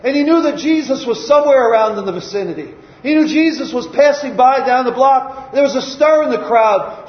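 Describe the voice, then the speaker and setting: A man's voice: very high-pitched, normal speed, hardly any pauses. A man preaching a sermon, dramatic, acting out cries and prayers. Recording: echoey hall, dull lo-fi sound.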